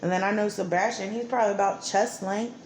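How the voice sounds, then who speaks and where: A woman's voice: mid-range voice, steady tone, fast talker, a little mellow. A woman ranting angrily and profanely about her life and her children's father. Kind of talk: angry personal monologue. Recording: echoey room with faint background noise.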